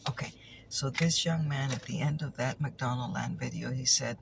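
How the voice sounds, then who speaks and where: A woman's voice: extremely low pitch, normal speed, vocal fry, slight background noise. A woman telling a chatty ASMR story, teasing and repeating her punchlines, sometimes dropping into a whisper.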